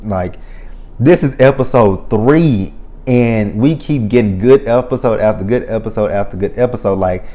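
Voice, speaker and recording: A young man giving a casual, profane, animated recap of a reality TV episode, laughing often. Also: fairly low pitch, normal speed.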